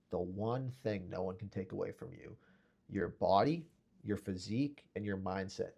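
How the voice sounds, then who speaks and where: A man's voice: lowish voice, mellow. A young man delivering an intense motivational monologue to camera, preachy and repetitive, mocking imagined people in sarcastic voices. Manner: intense, preachy, repeats phrases for emphasis. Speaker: fitness vlogger.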